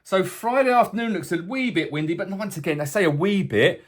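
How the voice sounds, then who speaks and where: A man's voice: high voice, fairly quick. A man presenting a casual weekly weather forecast vlog for a boat tour company, chatty and full of jokey asides. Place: indoors, away from the tour base.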